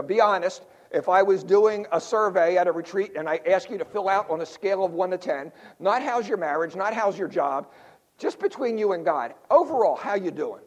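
A male pastor from South Philadelphia, preaching a sermon with jokes and stories and throwing quick asides to the congregation. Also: sits high. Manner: animated storyteller, quick asides to the crowd.

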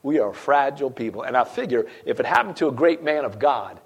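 A middle-aged male pastor preaching a sermon, reading scripture dramatically with swings between loud and hushed delivery. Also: mid-range voice, expressive, brisk, breathy edge.

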